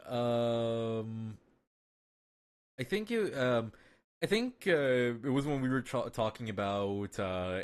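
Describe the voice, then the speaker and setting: Male streamer, slightly low voice, casual rambling chat full of fillers, swearing and self-amused laughter. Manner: rambling and profane, with many fillers and restarts; laughs often at his own jokes.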